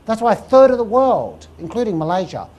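Lively woman lecturing a room. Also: medium pitch, fairly quick. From England. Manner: lively storytelling, asks the audience questions. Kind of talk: live lecture presentation.

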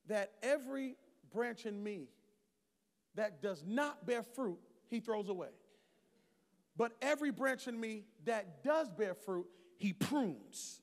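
Gravelly high-pitched preaching man, echoing hall. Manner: preaching with rising shouts and storytelling. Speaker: pastor. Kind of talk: sermon. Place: large church hall. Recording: long hall reverb.

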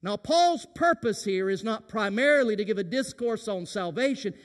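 A man preaching a sermon as senior pastor, swinging from hushed tones to impassioned shouting. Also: high voice, normal speed. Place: church sanctuary during worship service. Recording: reverberant church sanctuary.

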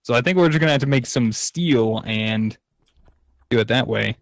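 Here the let's play co-player speaks at medium pitch and normal speed, with some vocal fry, trading easygoing gaming banter peppered with ums and laughs. The recording is dry, captured on a slightly dull lo-fi mic.

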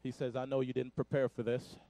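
A man preaching a Pentecostal sermon, shouting in call-and-response and dropping to quiet asides. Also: medium pitch, flat delivery, fairly quick, no room sound. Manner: breathless, drops to quiet asides. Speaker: pastor.

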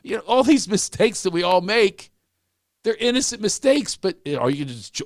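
Animated middle-aged man telling comic stories. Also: fairly quick, no echo, studio quality. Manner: animated storyteller, acts out quoted voices, big pitch swings. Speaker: comedian guest. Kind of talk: storytelling in a podcast chat.

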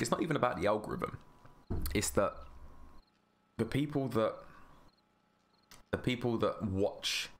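A man's voice: on the low side, noisy background. A man rambling and chatting with an easy laugh while he gives casual gameplay commentary as a gaming YouTuber.

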